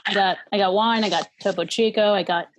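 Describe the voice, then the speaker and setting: A woman's voice: mid-range voice, steady tone, fairly quick, background noise. A woman guesting on a podcast over a video call, teasing and laughing.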